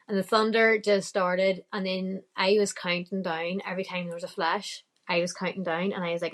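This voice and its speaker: A woman's voice: mid-range voice, level tone, fairly quick, hardly any pauses, fairly bright tone. A woman with a Northern Irish accent, a podcast guest telling a story casually, quoting her own thoughts and laughing often.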